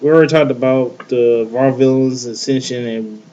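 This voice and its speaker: A man's voice: mid-range voice, steady tone, normal speed, dark tone. A man hosts a laid-back wrestling chat, wandering through his points with plenty of ums and uhs. His voice sits mid-range and comes through a dull, lo-fi call connection with faint hiss. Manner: loose, rambling, many fillers. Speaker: podcast host. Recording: dull lo-fi online call audio with light hiss.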